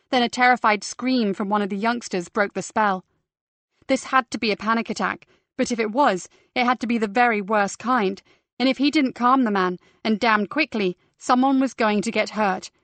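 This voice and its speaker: A woman narrating a crime novel audiobook in a steady, measured reading. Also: fairly high pitch, no room sound. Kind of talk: scripted narration.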